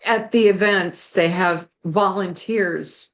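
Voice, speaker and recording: A woman guest telling a personal story in an interview, animated and laughing now and then. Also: lowish voice, slow.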